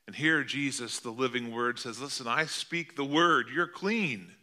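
A man's voice: medium pitch, normal speed, sharp tone. A middle-aged male pastor preaching a sermon in an earnest, conversational way, asking the congregation rhetorical questions.

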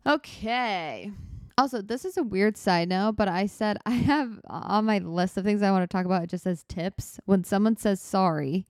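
A woman's voice: medium pitch, normal speed, a little mellow, no echo, studio quality. A woman in her twenties hosting her own podcast, talking in a candid, rambling, self-reflective way. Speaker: podcast host. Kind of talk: casual solo podcast talk.

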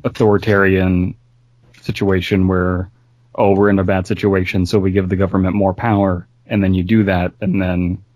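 A man's voice: deep voice, flat delivery, moderate pace, a little mellow, no echo. A man co-hosting a podcast, talking casually and rambling with plenty of fillers. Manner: loose and rambling, full of fillers. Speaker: podcast co-host. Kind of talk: casual chat.

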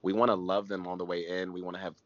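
A man with a very deep voice speaks as a pastor, earnest and repetitive, his words sometimes sinking to a near whisper. The sound is dry and close, with a dull, muffled quality. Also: level tone, fast talker, no room sound. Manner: earnest, repeats phrases, voice drops to near whisper at times. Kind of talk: emotional personal testimony.

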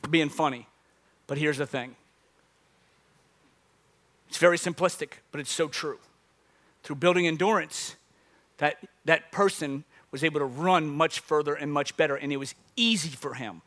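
A man's voice: fairly high pitch, moderate pace, pauses often, a bit bright, no echo. A man, a pastor telling a comic story in a sermon and acting out breathless gasps.

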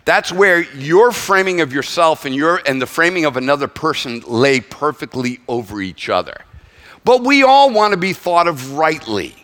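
A man preaches to a congregation in a lively, animated manner, jumping between jokes and earnest points. His voice sits a little high and bright. The sound carries the long reverb of a large church hall. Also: moderate pace. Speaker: pastor. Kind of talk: sermon.

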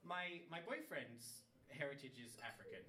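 A man with a bright, ringing tone tells a story in loose, animated chat, cursing often and breaking into laughter. His voice sits a little high for a man. He sounds set back from the mic in an echoey room. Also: moderate pace, a little hiss or hum. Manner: animated, swears freely, laughs mid-story. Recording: roomy sound from a distant mic.

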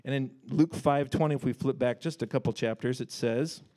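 Male preacher, mid pitch, casual and animated, reads verses then riffs on them. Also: a little fast. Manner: animated, conversational, breaks off to joke and paraphrase. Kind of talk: casual sermon with scripture reading.

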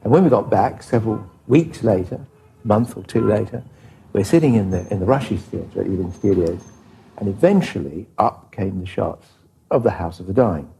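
A man calmly recounting a filming anecdote in an old archive clip. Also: fairly low pitch, a little hiss or hum, rough recording. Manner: measured storytelling. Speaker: documentary cameraman in archive clip.

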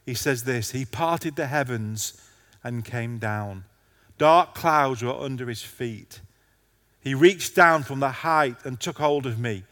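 A man's voice: mid-range voice, slow pace, a bit bright, big-room sound. A male pastor preaching a passionate sermon to a congregation, his intensity rising and falling.

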